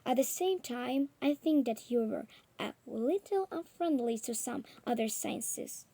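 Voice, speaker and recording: Woman doing a young reporter guy, polite and stubborn, high voice. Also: lively intonation, a little slow, gravelly, mellow, slightly rough, no echo, full character voice. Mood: defiant. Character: young male journalist, polite but defiant.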